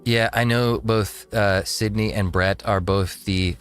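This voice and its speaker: A man's voice: on the low side, steady tone, a little slow, hardly any pauses, clean tone, faint music behind. A man hosting a casual live-stream, reacting to a video with rambling talk and frequent laughs. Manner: rambling, laughs often, restarts.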